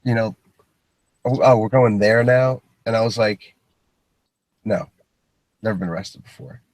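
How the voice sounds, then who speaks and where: A man's voice: fairly low pitch, measured pace, darkish tone, no echo. A man casually telling a story, acting out both sides of the exchange and swearing freely. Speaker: caller recounting a police stop.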